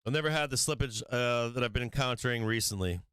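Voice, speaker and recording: Smooth, dry-voiced trading stream host. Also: male voice, medium pitch, fast talker, a bit bright, dry recording. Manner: profane, venting frustration. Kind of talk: casual live-stream trading commentary.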